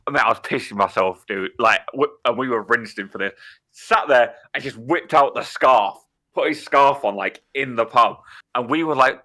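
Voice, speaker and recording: Bright-voiced lad, swearing freely. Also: male voice, medium pitch, normal speed. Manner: swearing, laughing, stammering restarts. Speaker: podcast co-host. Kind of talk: casual chat.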